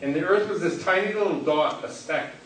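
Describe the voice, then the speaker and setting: A man with a high, fairly bright voice speaks fairly quickly as he preaches to a live crowd in a large hall. He is playful, cracking jokes while questioning people in the room, and the recording comes across echoey, distant, and noisy.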